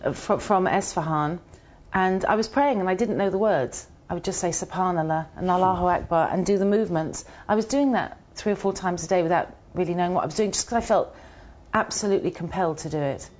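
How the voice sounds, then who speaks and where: A woman being interviewed, telling a personal story in an earnest, halting way with many restarts. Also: lowish voice, darkish tone. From United Kingdom. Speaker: interview guest. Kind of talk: reflective personal account. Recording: muffled, dull audio.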